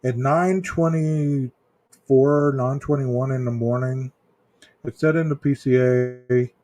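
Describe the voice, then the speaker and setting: A man hosting a true crime livestream, chatting casually with viewers in a slow, rambling way full of ums and restarts. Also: medium pitch, warm tone. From Texas. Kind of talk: casual livestream chat reading viewer comments.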